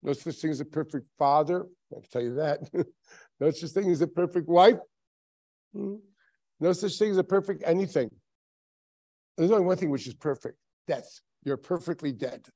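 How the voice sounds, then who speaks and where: A man's voice: on the high side, moderate pace, pauses often, warm tone. A man in his seventies, a rabbi giving a sermon, telling stories with frequent chuckles and rhetorical questions. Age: 70s. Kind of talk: Tisha B'Av sermon.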